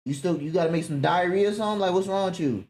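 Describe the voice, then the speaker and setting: A woman's voice: on the low side, very fast, darkish tone. A woman streamer chatting casually and with lots of slang while she reacts live, scolding her dog between remarks. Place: home room.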